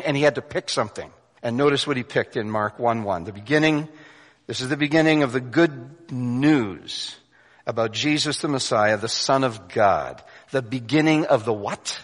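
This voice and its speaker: Preacher in a reverberant hall. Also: male voice, medium pitch. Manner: animated, acts out the disciples' voices, drops to hushed emphasis. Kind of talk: sermon.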